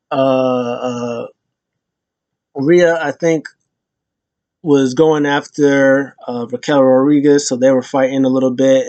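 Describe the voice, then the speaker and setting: A man casually recapping wrestling, rambling with lots of fillers and restarts, jumping into loud high voices when he quotes people. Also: dry recording, highs cut off.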